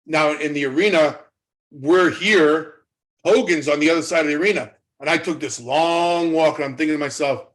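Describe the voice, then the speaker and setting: Middle-aged male ex-wrestler, lively anecdote teller, voice sits a bit high. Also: normal speed, low-quality recording. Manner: animated storyteller acting out quoted dialogue. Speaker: former pro wrestler, guest. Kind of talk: casual storytelling interview.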